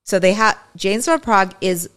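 A woman's voice: mid-range voice, measured pace. A woman co-hosting a podcast, telling a story in casual chat and acting out the quotes of the people in it. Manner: animated storyteller, acts out quotes. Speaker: podcast co-host.

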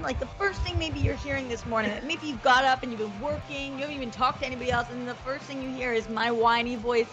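A woman hosting a live talk show, chatting casually in an animated, self-mocking way. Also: high-pitched, fast talker, hardly any pauses, over music, low-quality recording. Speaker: show host. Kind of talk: casual chat.

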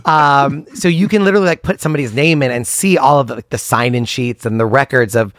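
With a medium-pitched voice and a dry, clean studio sound, this comedian guest spins family tales on a podcast. His storytelling is wry and lively, peppered with quick asides and laughter.

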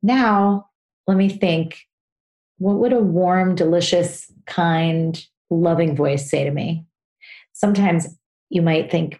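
A woman's voice: on the low side, takes it slowly, darkish tone, roomy sound. A woman hosting a parenting podcast. She talks through listener questions one by one in an earnest, explaining way and acts out short examples as she goes. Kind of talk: solo advice talk.

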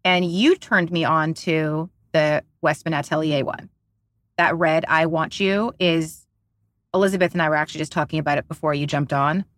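A married woman co-hosting a beauty podcast, telling stories and raving about products in an animated, playful way. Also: low-pitched, normal speed. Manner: animated storyteller, playful and teasing. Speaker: podcast co-host. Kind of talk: casual beauty podcast chat.

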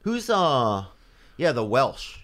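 A man's voice: medium pitch, big pitch swings, takes it slowly, a bit bright. A man co-hosting a podcast in casual banter, joking around and laughing often. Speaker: podcast co-host.

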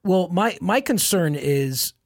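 A man's voice: sits high, expressive, slow pace, no room sound. Dry-miked, wry male podcast co-host. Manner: laughs easily, wry asides. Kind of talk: casual comedic chat.

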